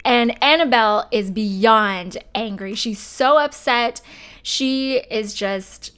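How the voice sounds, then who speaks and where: A young woman hosting a let's play, chatting casually as she plays and voicing her game characters in quick asides. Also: mid-range voice, a bit bright, clean tone. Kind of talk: casual gameplay commentary.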